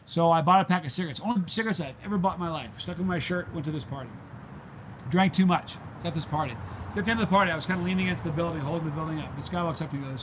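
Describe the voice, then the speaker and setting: A man's voice: a little high, quick pace, slight background noise, rough recording. A middle-aged man hosting a casual vlog chat and telling a rambling story, with plenty of ums along the way. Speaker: vlog host. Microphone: handheld gimbal camera.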